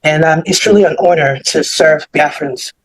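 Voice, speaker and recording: This man's voice is on the high side and moves at a moderate pace, recorded with no room sound and poor audio. He's a government department official, out of breath on an online call, giving prepared remarks that ramble with fillers and self-corrections.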